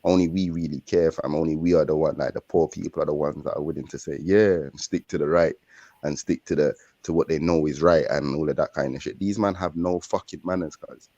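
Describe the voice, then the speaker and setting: A man's voice: rumbling low, fairly even intonation, brisk, dark tone, dry recording, lo-fi sound. A young man with a London accent, talking casually in streetwise slang and rambling through his points. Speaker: podcast co-host. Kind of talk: casual chat.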